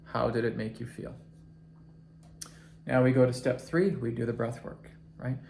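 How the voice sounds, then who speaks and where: A man teaching a self-help process, talking slowly and deliberately and counting breaths aloud. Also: medium pitch, level tone, gravelly, warm tone. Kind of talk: guided instructional talk. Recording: echoey room with faint noise.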